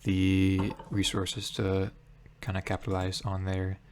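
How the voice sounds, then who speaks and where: A man giving casual commentary on his own card game, thinking aloud with many pauses and fillers. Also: low voice, monotone, a little mellow, slight background noise. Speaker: gameplay streamer.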